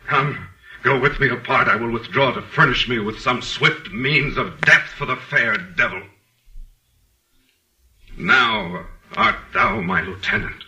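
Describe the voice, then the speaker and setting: An actor playing Othello, a jealous, furious general, in a 1940s radio drama, with a declamatory delivery. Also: male voice, mid-range voice, very animated, measured pace, gravelly, pushed and bright, exaggerated voice. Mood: cold resolve.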